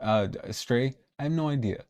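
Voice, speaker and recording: A woman's voice: very deep voice, moderate pace, a little mellow. A woman streamer giving casual, sarcastic commentary while she reacts to a clip, swearing freely.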